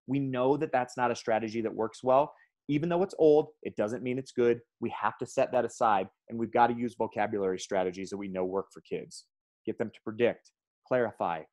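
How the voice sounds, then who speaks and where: A man speaking to teachers in a training talk, an emphatic and energetic storyteller who calls his audience "guys". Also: medium pitch, moderate pace. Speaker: education speaker.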